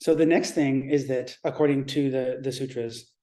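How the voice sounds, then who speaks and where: A man giving a Zen dharma talk in a reflective, measured way, pausing and restarting his thoughts. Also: mid-range voice, steady tone, warm tone.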